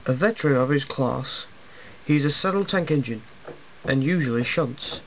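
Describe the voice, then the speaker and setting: A narrator reading a homemade storybook tale about engines, halting with occasional restarts. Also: mid-range voice, expressive, slight background noise, poor audio.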